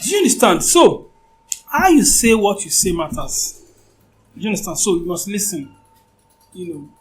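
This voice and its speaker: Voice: medium pitch, sing-song, normal speed, slight background noise, rough recording. A voice acting teacher giving an informal lecture, talking conversationally and often checking that the listener understands.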